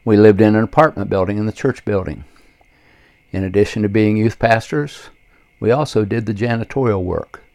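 An older man reading his own memoir aloud in a measured, earnest way, with occasional slips. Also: lowish voice, vocal fry, a little mellow, no room sound. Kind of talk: memoir narration.

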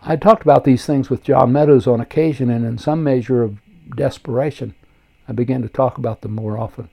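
A man's voice: medium pitch, fairly even intonation, brisk, gravelly, dark tone. An older man, a pastor, reading his own memoir aloud in an earnest, reflective way.

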